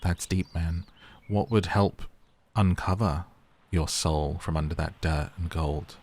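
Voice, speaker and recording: Playful low-voiced gaming host. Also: male voice, fairly even intonation, slow, a little mellow, a little hiss or hum. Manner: chatty and playful, teasing the characters. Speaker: gaming YouTuber. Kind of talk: casual game commentary.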